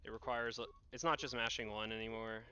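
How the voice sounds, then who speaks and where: A man's voice: on the low side, fairly even intonation, fairly quick, pushed and bright, smooth, highs cut off. A man co-commentating on a game run in a casual, rambling way, often correcting himself. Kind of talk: live gameplay commentary.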